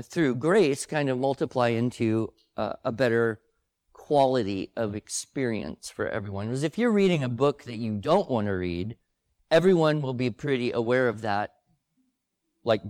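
A man's voice: medium pitch, darkish tone, no room sound. Older man chatting in a dry room. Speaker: co-host. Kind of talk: casual conversation before a live audience.

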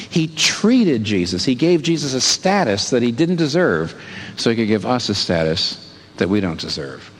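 A man preaching in an expressive voice that swings widely in pitch, from hushed asides to emphatic questions. Long reverb trails his words, with a faint hiss beneath. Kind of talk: sermon.

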